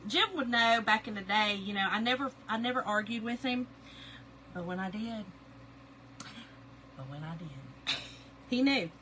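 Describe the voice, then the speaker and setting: A middle-aged woman chats to her viewers while she crafts. Her voice is bright and lively, and she talks in a loose, laughing way, calling out to people by name. A faint room noise sits behind her. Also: mid-range voice, moderate pace, long pauses, poor audio. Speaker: crafting livestream host. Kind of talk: casual chat while crafting live.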